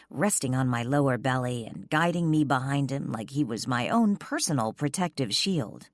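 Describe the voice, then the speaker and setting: A woman narrating a first-person romance audiobook, expressive and sharp-tongued in dialogue. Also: extremely low pitch, no echo, clean studio sound.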